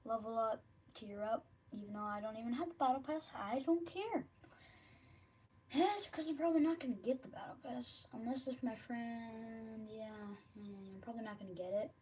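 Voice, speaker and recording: A woman giving casual, rambling commentary while streaming a video game, often dropping to quiet mutters. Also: on the high side, moderate pace, a little hiss or hum. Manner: chatty, rambling, drops to mutters.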